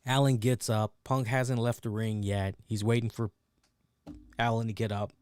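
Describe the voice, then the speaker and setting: Profane, animated male wrestling podcast host. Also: fairly low pitch, moderate pace, smooth, no room sound. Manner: animated and profane, laughs at his own jokes. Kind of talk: casual excited chat.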